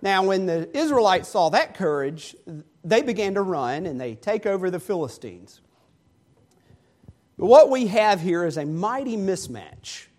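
A male preacher delivers a sermon, retelling a story with lively, animated emphasis. His voice sits notably high for a man. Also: unhurried.

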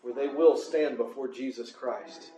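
A man's voice: mid-range voice, unhurried, warm tone, roomy sound, a little hiss or hum. A man preaching a sermon as pastor, building to impassioned cries, then leading a closing prayer.

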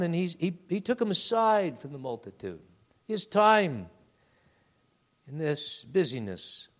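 This preacher addresses his congregation as beloved during a sermon, alternating between quiet, low asides and loud bursts of emphasis.

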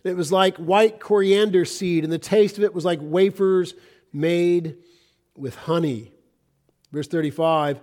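A man's voice: high voice, a little mellow. A man preaching a sermon, reading scripture aloud and explaining it in an earnest, emphatic manner.

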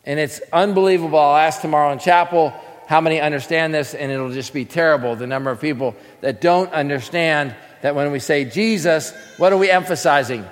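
A preacher teaching a class talks a little fast with a fairly high voice and hardly pauses, a long reverb tail ringing after him. He presents scripture like a sermon, asking questions of his audience and answering them himself.

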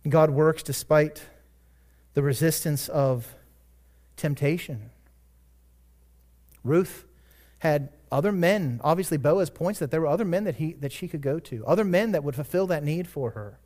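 Earnest preaching man, fairly high voice. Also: a little slow, pauses often, a little mellow. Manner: earnest preaching with rising emphatic peaks; conversational asides and self-corrections. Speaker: pastor. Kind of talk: sermon.

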